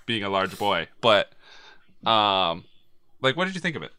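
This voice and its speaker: A man's voice: fairly low pitch, big pitch swings, moderate pace, sharp tone, clear, resonant tone. A young man co-hosting a podcast, joking crudely and hesitating with fillers in casual chat. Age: young adult. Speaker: podcast co-host.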